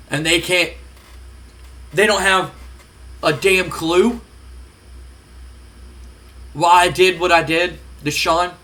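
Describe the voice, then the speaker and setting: A man's voice: sits high, bright, forceful tone, full character voice. A man voicing an arrogant young male wrestler who talks in a boastful, sneering way.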